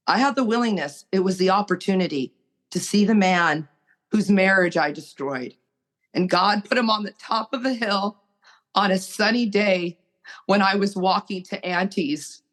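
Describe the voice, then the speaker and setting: A woman sharing on a recovery podcast, earnest and preachy as she urges listeners on. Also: fairly low pitch. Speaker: recovery group member.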